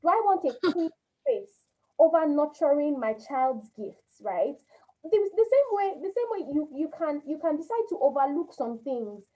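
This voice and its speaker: Woman webinar host, high mellow voice, lo-fi call audio, thoughtful summaries. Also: sing-song, moderate pace. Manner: reflective, sums up the guest's points. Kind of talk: webinar conversation. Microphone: video call.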